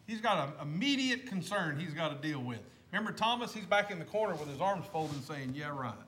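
A man preaching a sermon, retelling a story dramatically as his voice swings from loud to hushed. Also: on the high side, animated, fairly quick, slight background noise.

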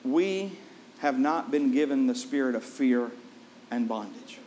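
A man preaching a sermon, retelling a scripture story with lively storytelling, asking the congregation questions, and dropping soft and low for solemn points. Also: measured pace, a little hiss or hum.

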